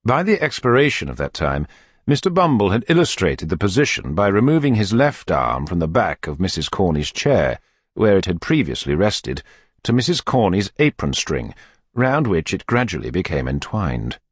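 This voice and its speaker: A man narrating a classic novel as an audiobook reader, in expressive, lively storytelling. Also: sits low, moderate pace, breathy edge, dry recording, studio quality.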